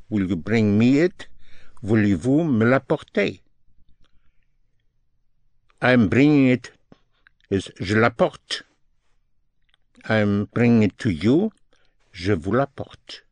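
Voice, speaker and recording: Man, language teacher, very slow deliberate delivery, dry close sound, patient repetition. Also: mid-range voice, darkish tone, no echo. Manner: repeats phrases in English and French, explains patiently. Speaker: French teacher.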